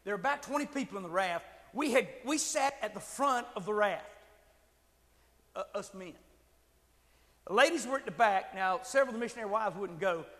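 A man preaching a sermon, telling a story with animated delivery that swells into shouted emphasis. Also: high voice, fairly quick. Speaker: pastor. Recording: long hall reverb.

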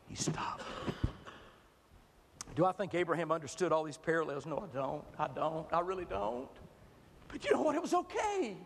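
Impassioned high-voiced preacher in a hall. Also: male voice. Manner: impassioned, rising to shouts then dropping to soft storytelling. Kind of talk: sermon. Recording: reverberant hall, faint noise.

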